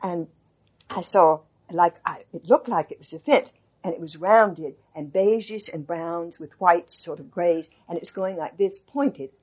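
A woman's voice: fairly low pitch, unhurried, slightly rough, highs cut off. An older woman animatedly recalling a story in an interview, acting out what people said. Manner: animated, quotes people, restarts often. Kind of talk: storytelling reminiscence.

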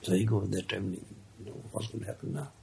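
A man telling a parable in an unhurried, conversational way, with many casual asides. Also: on the low side, vocal fry, dark tone, slightly rough. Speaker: storyteller. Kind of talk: casual spoken storytelling of a parable.

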